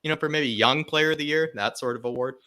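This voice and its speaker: A man's voice: fairly high pitch, quick pace, bright, forceful tone. A man co-hosting a football watchalong who speaks emphatically and asks the others for their opinions. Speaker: co-host. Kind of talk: live football watchalong chat.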